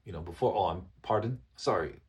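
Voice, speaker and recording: A man coaching business English, explaining phrases patiently and repeating each example slowly with frequent checks like "okay?". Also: deep voice. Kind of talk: business English lesson to camera.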